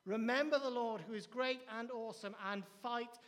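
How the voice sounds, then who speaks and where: A man's voice: very high-pitched, moderate pace, a bit bright, in a large hall. A man preaching a sermon as pastor, emphatic, with repeated phrases and acted-out quotes. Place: church.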